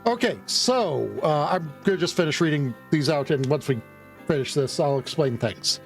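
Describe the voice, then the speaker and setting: A man's voice: a little high, moderate pace. A male streamer giving casual, rambling commentary while playing a game. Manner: chatty, rambling asides. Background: game music.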